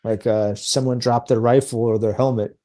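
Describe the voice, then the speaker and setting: A man's voice: mid-range voice, fairly even intonation, moderate pace, mellow. A man in casual chat giving short, laid-back replies and agreeing with his co-host.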